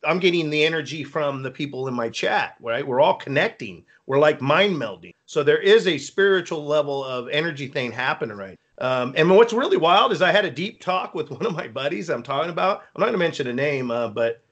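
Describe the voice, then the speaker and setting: A man hosting a live stream, chatting casually and telling rambling, animated stories. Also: fairly high pitch, a little fast, hardly any pauses. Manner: rambling, animated storytelling with quoted voices. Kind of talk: casual chat.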